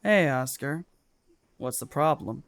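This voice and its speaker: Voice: medium pitch, animated, moderate pace, no room sound, close to an everyday voice. A game master voicing a cold, cruel man who mocks his brother in a sober, unslurred tone. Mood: mocking.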